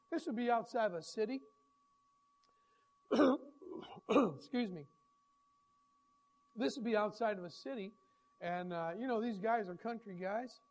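A man preaching a folksy, rambling sermon, his voice hoarse and often interrupted by throat-clearing. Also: high-pitched, rough recording. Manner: folksy, rambling, many restarts and fillers. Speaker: pastor.

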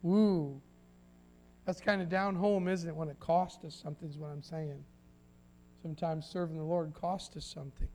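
A man's voice: a little high, steady tone, normal speed, a little mellow, slight background noise. A man preaching a sermon to his congregation, folksy and emphatic, with repeated phrases and asides to the listeners. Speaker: pastor.

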